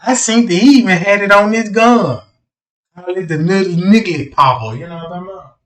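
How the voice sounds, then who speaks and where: A man's voice: high-pitched, a little fast, a bit bright, recorded from a distance. A man doing a rambling, profane livestream rant, repeatedly asking his listeners whether they know what he's talking about. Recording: roomy echo, speaking away from the mic.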